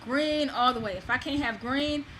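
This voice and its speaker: A woman's voice: sits high, moderate pace. Chatty woman vlogger, noisy recording. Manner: animated, emphatic, self-deprecating. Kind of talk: casual chat to camera.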